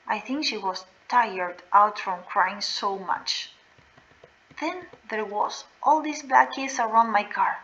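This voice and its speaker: A woman reads a novel aloud at an unhurried, careful pace, her voice bright and clear. The recording sounds slightly muffled. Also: medium pitch. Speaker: reader.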